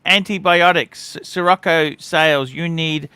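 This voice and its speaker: A male livestream host with a high, sharp, bright voice. He teases his guests and reads out donations in casual chat. The sound is close and dry. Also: normal speed, dry recording.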